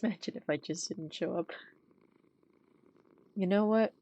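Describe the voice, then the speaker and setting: A woman streamer from the American South with a notably low, deep voice chats casually at her desk mic. Her banter is dry and teasing. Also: unhurried, dark tone, highs cut off, slight background noise.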